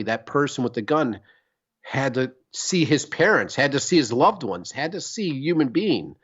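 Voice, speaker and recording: A man in relaxed conversation on a podcast, speaking at an ordinary middle pitch. He rambles, restarts his sentences and swears casually for emphasis. The audio is somewhat dull and lo-fi. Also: normal speed, slightly rough. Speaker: podcast co-host. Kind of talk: casual chat.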